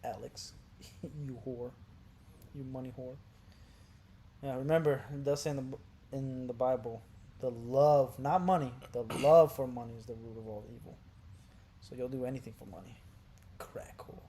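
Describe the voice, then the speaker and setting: A man swaps crude stories with a friend, his voice dropping low and mumbly and then jumping to loud, laughing shouts. He sits at an average pitch for a man. A faint hum of noise sits under the chat. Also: moderate pace, long pauses. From Brazil. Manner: animated, gets loud and laughing when telling wild stories. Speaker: podcast co-host. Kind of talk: casual storytelling chat.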